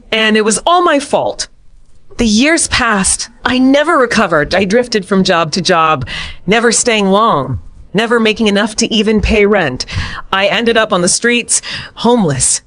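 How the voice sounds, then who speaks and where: A woman narrating a scripted first-person drama story in a steady storytelling manner. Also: mid-range voice.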